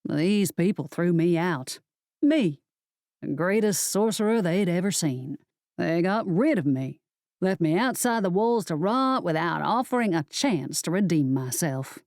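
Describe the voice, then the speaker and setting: A woman narrator voicing a smug, scheming male sorcerer villain for an audiobook, speaking low, slow and mocking. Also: animated, darkish tone, no echo, studio quality.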